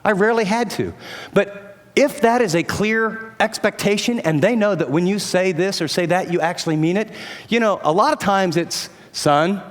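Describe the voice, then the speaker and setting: A middle-aged man preaching a sermon in a conversational, animated way, acting out everyday scenes. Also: high-pitched, normal speed, long reverb tail. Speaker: pastor.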